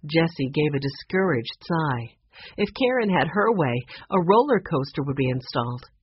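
A woman narrating a children's storybook in an expressive, varied delivery. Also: sits low, normal speed, slight background noise. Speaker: audiobook narrator. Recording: dull, muffled recording.

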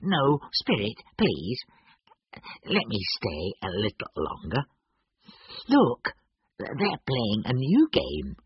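Scrooge, a husky old miser, as a man reads him. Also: fairly low pitch, wildly swooping pitch, no room sound, highs cut off, exaggerated voice. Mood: pleading. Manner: slow, pleading storybook reading.

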